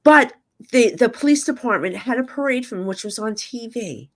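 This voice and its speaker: A woman's voice: on the high side, expressive, normal speed, crowd noise. A middle-aged woman, a psychic medium guest, telling emotional stories candidly in casual chat. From New Jersey. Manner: candid, emotional storytelling with frequent fillers.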